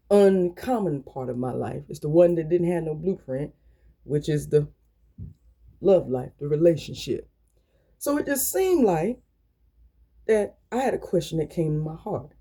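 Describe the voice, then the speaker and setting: A woman delivers a weekly motivational message like a sermon. Her voice is very dark and mellow, with a husky edge. She leans on repeated questions and draws out words for emphasis. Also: low voice, animated. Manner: repetitive call-and-response, drawn-out emphatic phrases. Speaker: motivational speaker. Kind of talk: preaching motivational encouragement.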